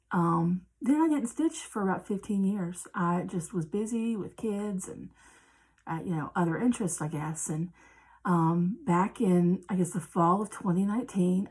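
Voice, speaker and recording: Woman in her fifties, lowish voice, husky, gravelly, Maryland-meets-South-Carolina accent, casual rambling chat. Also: a little mellow, rough recording. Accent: mixed Maryland and South Carolina. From Maryland, USA. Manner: chatty, rambling, frequent ums and self-corrections. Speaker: cross-stitch vlogger.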